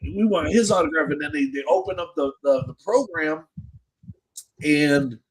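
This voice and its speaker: A man's voice: on the high side, poor audio. A man hosting a podcast and telling a long, casual story in slangy, profane speech, with many restarts. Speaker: podcast host.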